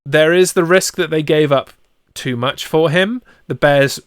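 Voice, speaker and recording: Brief: male podcast co-host, thirties, excitable sports talk, clean resonant voice. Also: a little high, unhurried, clean tone, dry recording, studio quality. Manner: excitable, animated storytelling. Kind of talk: casual sports podcast chat.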